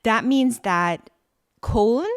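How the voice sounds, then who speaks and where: A young adult woman co-hosting a podcast, recapping a TV drama in casual, profane, animated chat. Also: fairly high pitch, takes it slowly. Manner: animated storytelling, profane and laughing. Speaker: podcast co-host.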